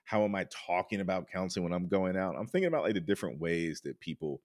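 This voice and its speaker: Man, counselor guest; low voice with lively swings in pitch, informal rambling delivery, dry close recording. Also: fast, dry recording. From United States. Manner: informal, rambling, frequent "right?" and "like"; gets loud and high-pitched when excited. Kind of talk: candid interview conversation.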